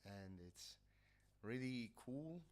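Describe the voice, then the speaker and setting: An Italian man chats casually on a livestream in English with an Italian accent, sounding nasal and hesitant as he often pauses to search for words. His medium-pitched voice is expressive and a little mellow, and he speaks slowly through a headset microphone.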